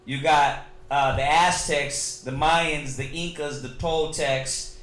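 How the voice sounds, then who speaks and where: A man's voice: a little high, fairly even intonation, slow, fairly bright tone, echoey room. A man teaching scripture in a loose, joking way, with street slang. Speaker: Bible study teacher.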